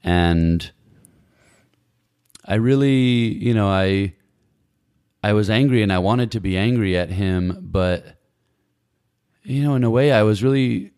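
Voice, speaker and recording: Deep gravelly man telling a reflective story. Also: slow pace, long pauses, a little mellow, no room sound, clean studio sound. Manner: reflective, meandering, many restarts. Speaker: guest recalling Peace Corps service. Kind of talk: casual conversational storytelling.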